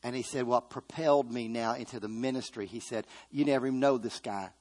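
A man's voice: mid-range voice, fairly even intonation, brisk, hardly any pauses, a little mellow. A man preaching a sermon, earnestly retelling a story with quoted dialogue.

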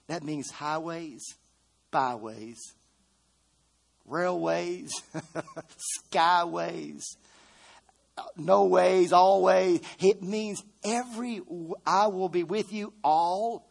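Fervent middle-aged male preacher, slightly high. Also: slow, creaky. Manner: fervent preaching with call-and-response to the congregation; repeats phrases for emphasis, with frequent restarts. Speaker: pastor. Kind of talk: sermon.

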